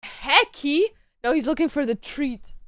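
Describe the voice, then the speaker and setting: A woman with a high, bright voice chats casually on a live stream from her home. She talks at an unhurried pace, slipping into playful sing-song baby talk for her cats and tossing in casual swearing. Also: dry recording, clean studio sound. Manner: swears casually, drawn-out joking phrases.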